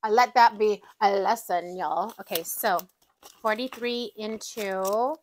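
A woman vlogging at home, counting cash out loud and exclaiming often, calling her viewers "y'all". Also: medium pitch, slow pace, slight background noise. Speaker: budgeting vlogger. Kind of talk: casual chat while counting cash.

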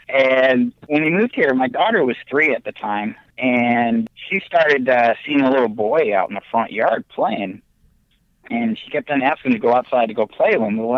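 A man telling his ghost story as a podcast guest, animated and excitable, with big jumps in his voice. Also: medium pitch, dry recording. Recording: dull, lo-fi remote audio.

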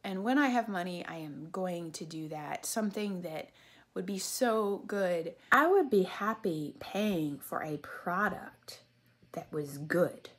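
A woman's voice: on the low side, expressive, slow pace, breathy edge. A woman ranting indignantly in a personal vlog about a service she feels cheated by, repeating herself as her anger builds. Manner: indignant, repetitive, drops to whispers when praying. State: angry. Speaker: customer complaining about a web host. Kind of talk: angry personal rant vlog.

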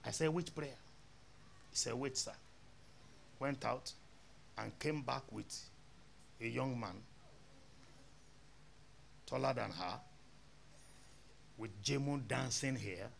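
A man's voice: mid-range voice, slow, vocal fry, long pauses, a little hiss or hum. A male pastor, telling a story in a sermon and acting out both sides of the dialogue.

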